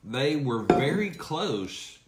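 A man's voice: mid-range voice, very animated, slow pace. A man co-hosting a casual live chat, reading listener messages in a hesitant, sheepish way with lots of fillers. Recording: echoey room with faint noise.

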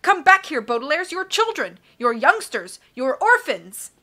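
A pompous, coughing middle-aged banker, as a woman reader puts him on, all bluster and scolding. His voice rides a touch higher than a man's usually would and rings bright and forceful, pushed loud as he barks orders. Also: expressive, fairly quick. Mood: commanding. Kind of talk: audiobook character reading.

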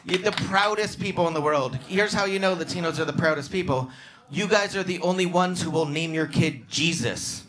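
A male stand-up comedian doing crowd work on a club stage, bantering with the audience and breaking into loud, excited outbursts. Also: on the high side, normal speed, noisy background. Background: audience laughter and club ambience.

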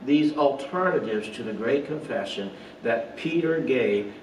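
A man's voice: mid-range voice, lively intonation, unhurried, far from the mic, slight background noise. A man giving an earnest online Bible study sermon, asking rhetorical questions and making small slips and asides. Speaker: pastor. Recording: roomy echo, voice off-mic, faint ambience.

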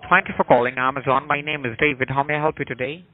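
A man answers the phone as a call center agent, rattling off stock service phrases at a quick clip. His voice comes through a thin, tinny phone line. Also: mid-range voice, no room sound. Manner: brisk, formulaic customer-service phrasing. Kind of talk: scripted phone greeting.

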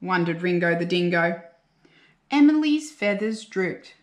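Slow, lively-voiced woman reading aloud. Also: fairly low pitch. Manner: slow, expressive, sing-song reading. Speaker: primary school teacher. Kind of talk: children's storybook read-aloud. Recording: roomy echo.

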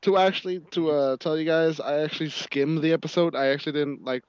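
Higher-voiced joking young man, dry lo-fi. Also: steady tone, a little fast, a little mellow, clean tone, no room sound. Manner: joking, repetitive listing, hesitant fillers. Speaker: co-host. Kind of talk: casual review chat. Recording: dry, dull lo-fi audio.

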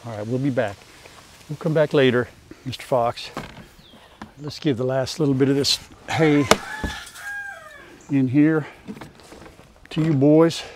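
A man's voice: mid-range voice, a little mellow, slight background noise. An older man, chatting casually in a farm vlog and talking to his animals in a folksy way. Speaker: farmer and vlogger. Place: outdoors on a farm.

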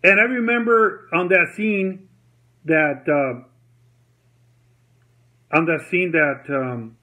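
Agitated man ranting, high voice. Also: slow, bright, forceful tone. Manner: agitated, repeats himself, swears, retells quotes. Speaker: vlogger. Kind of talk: angry personal rant to camera. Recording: dull lo-fi audio.

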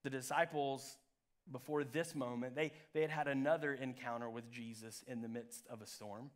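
A man preaching a live church sermon as pastor, swinging from loud peaks to hushed lows. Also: steady tone, normal speed. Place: church sanctuary.

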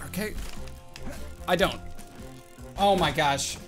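A man giving live commentary while playing a video game, excitable and reactive, bursting into yelps and shouts. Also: on the high side, slow pace, faint music behind. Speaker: gaming channel host.

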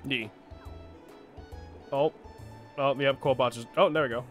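A man's voice: medium pitch, fairly even intonation, measured pace, a bit bright, faint music behind. Casual, profane man on a game stream. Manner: rambling, profane, self-deprecating. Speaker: co-host of a gaming stream. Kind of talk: casual let's-play chat.

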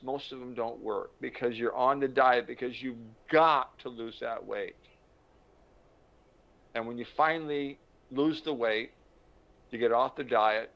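An older man, a motivational speaker, explains ideas through animated anecdotes and acts out the people he quotes, in a dull lo-fi recording. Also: medium pitch, creaky. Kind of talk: conversational teaching with anecdotes.

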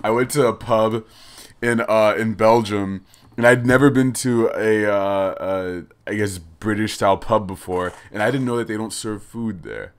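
A man's voice: on the low side, unhurried, clear, resonant tone. A man hosting a casual live stream, joking and swearing as he reads out chat messages. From United States.

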